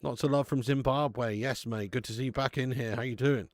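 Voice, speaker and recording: A man's voice: mid-range voice, steady tone, fairly quick, no echo. Guy hosting a live football stream, chatty, swears a lot, dry close mic. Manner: chatty, laughs often, swears freely; reads out viewer messages. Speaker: host of a live football watch-along. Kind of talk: casual live stream chat.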